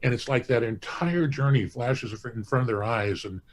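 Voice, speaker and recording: A man's voice: mid-range voice, moderate pace, slight background noise. A man being interviewed as a museum president, earnest and rambling, often restarting his phrases while he tells stories. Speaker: hall of fame president, guest. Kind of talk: casual interview storytelling.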